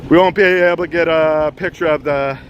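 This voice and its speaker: An out-of-breath man giving urgent, halting live commentary outdoors on a freeway bridge, filmed on a phone. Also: a little high, steady tone, dull audio, slight background noise. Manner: urgent, halting, repeats himself. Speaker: live street news streamer.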